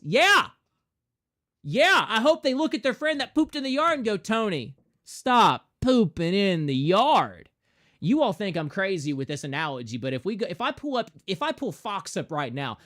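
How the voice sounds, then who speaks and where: A male streamer holds forth in a casual, preachy rant with a lively pitch that swings up and down. He talks emphatically and slips into quick mocking voices to make his point.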